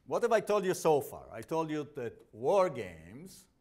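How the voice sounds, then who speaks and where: Blunt, animated male instructor with an accent. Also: fairly high pitch, measured pace. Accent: non-native English. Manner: animated, blunt, jokey, with frequent restarts. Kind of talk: classroom lecture.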